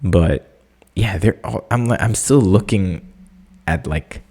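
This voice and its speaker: A young man hosting a casual solo podcast, talking in an animated, jokey way with lots of fillers. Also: takes it slowly, slightly rough. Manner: animated, jokey, many fillers, squeaky excited impressions. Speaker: podcast host.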